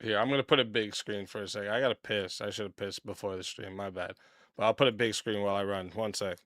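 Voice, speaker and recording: A man streaming, his voice worn hoarse from yelling, ranting in a blunt, profane, confrontational way. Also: on the low side, fairly even intonation, fast talker, no echo, studio quality. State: hoarse, voice nearly lost. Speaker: streamer and host. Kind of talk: ranting livestream talk. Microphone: desk mic, no headphones.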